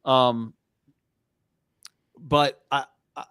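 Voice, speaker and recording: A man co-hosting a sports podcast, talking in a measured, conversational way as he thinks aloud. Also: mid-range voice, fairly even intonation, fairly bright tone, smooth, dry recording, studio quality. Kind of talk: casual sports talk.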